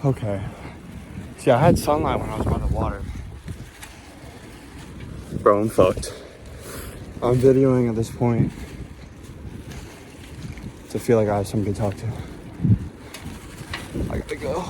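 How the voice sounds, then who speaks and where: A man's voice: mid-range voice, moderate pace, long pauses. A man filming a vlog outdoors on a bike ride at dusk, rambling anxiously and swearing, a little out of breath. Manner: panicky rambling, swearing, anxious self-talk. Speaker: vlogger. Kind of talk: casual vlog while cycling. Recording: wind noise on a phone mic.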